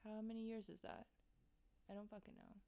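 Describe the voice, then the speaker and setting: Hosting a live show, this woman in her thirties chats casually with viewers, loose and talkative, with frequent laughter and swearing. She speaks briskly at medium pitch, her pitch swooping wildly, with vocal fry and a mellow quality.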